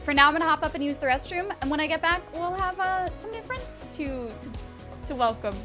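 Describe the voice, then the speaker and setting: A young woman streaming a video game, chatting directly to her viewers in a chatty, excitable way. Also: sits high, a little fast, music in the background. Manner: chatty, addresses chat directly; excitable, gushing. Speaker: Twitch streamer. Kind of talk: casual live-stream chat while gaming.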